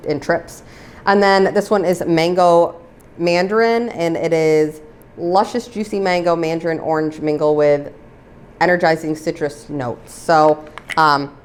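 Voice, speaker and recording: A woman with a low voice rambles through a casual review vlog, tossing in filler words as she goes. She talks freely and gets a bit heated about products that were taken off the shelves. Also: a little hiss or hum. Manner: chatty, rambling, many "like" fillers; gets heated and exasperated over discontinued products. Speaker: vlogger reviewing used-up products. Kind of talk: casual chat.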